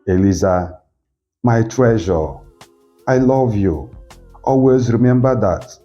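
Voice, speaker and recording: A man's voice: on the low side, slow, warm tone, dull audio, faint music behind. A man playing a frail old loving father. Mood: tender. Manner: weak and tender.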